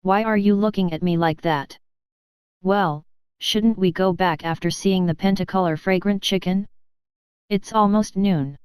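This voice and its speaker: A woman voicing a calm, practical young man in a read-aloud story, in a clear, even voice. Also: medium pitch, a little slow, no room sound, natural voice. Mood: puzzled.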